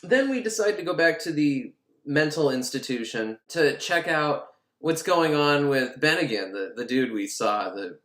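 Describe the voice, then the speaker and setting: Man, casual comedic film recap, joking and profane, slightly high voice, very animated pitch, echoey room. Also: unhurried. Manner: joking, profane, laughs often. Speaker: film podcast host.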